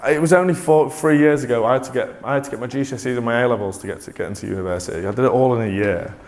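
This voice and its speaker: A man presenting a motivational talk to a live audience, energetic and coaxing, often restarting mid-sentence. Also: medium pitch, racing. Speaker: corporate presenter.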